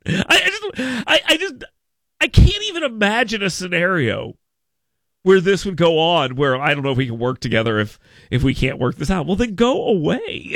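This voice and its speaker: A high-pitched male radio host with a gravelly edge and a bright, sharp tone. He rambles in an animated way, stammering and restarting his sentences. The studio sound is dry and close. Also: no room sound. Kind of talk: casual talk radio banter.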